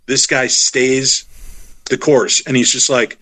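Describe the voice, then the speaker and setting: Bright, animated man telling stories. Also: mid-range voice, takes it slowly, low-quality recording. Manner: animated, acts out voices in his stories. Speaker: podcast guest. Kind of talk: casual storytelling.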